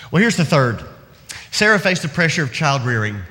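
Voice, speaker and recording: A man preaching a sermon, reading scripture and stories with expressive, emphatic delivery and dramatic pauses. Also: a little high. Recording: long hall reverb.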